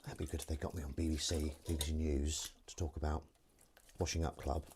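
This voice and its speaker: With a very deep, level voice, a man streams from his kitchen while washing up at the sink. He speaks briskly, rambling in a self-mocking way over a noisy background.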